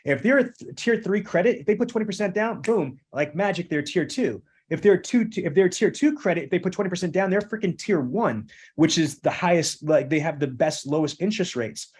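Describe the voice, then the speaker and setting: A man's voice: sits high, expressive, a little fast, few pauses, darkish tone, husky. A middle-aged man hosting a sales training podcast. He coaches with emphasis and keeps repeating "again" and "okay". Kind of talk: energetic sales training with role-play.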